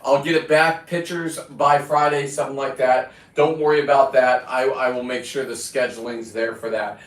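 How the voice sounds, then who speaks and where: A man's voice: medium pitch, steady tone, moderate pace. A man casually chatting and joking as he cleans a lobster on a livestream. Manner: joking, rambling, laughs often. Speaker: fisherman vlogger. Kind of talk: casual livestream chat while processing a lobster. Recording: roomy distant audio.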